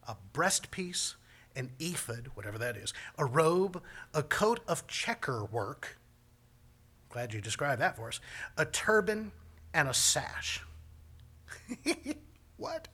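A man's voice: fairly high pitch, bright, forceful tone, slightly rough. A man preaching a sermon as pastor, talking in a folksy, conversational way with homespun phrases.

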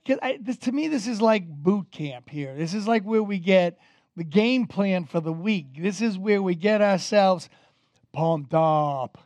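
A man preaching a sermon as pastor, energetic and conversational, with casual fillers. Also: sits high, moderate pace, no room sound.

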